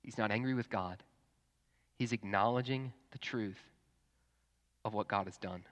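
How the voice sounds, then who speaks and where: A pastor preaching a sermon, earnest, dropping to a hush and then rising to fervent emphasis. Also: male voice, lowish voice, a little slow, dull audio. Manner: earnest, swings from hushed to fervent. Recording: long reverb in a church hall.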